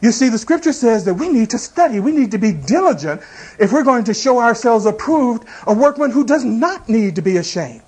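A man preaching a sermon as a pastor, asking the congregation rhetorical questions and calling out for amens. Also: very high voice. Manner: tells everyday illustrations.

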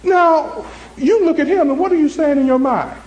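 A man preaching a sermon as pastor, swinging between excited high tones and soft low ones, acting out voices in little stories. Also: normal speed, roomy sound, highs cut off.

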